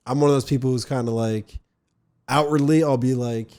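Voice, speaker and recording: A young man from northern New Jersey hosting a loose, casual conversation. He rambles, leaning on fillers as he talks, and his voice is dark and mellow. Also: mid-range voice, fairly even intonation, a little fast. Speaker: podcast host. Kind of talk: casual chat.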